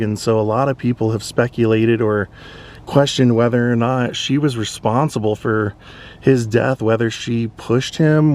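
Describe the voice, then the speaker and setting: A man's voice: medium pitch, a little mellow. A man hosting a vlog, casually recounting events in a conversational way. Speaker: vlog host. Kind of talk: casual narration.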